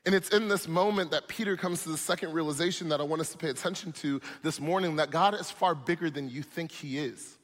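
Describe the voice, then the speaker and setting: Emphatic pastor in an echoey hall. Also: male voice, a little high, quick pace, few pauses, a bit bright. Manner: emphatic and repetitive, building in force. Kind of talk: sermon.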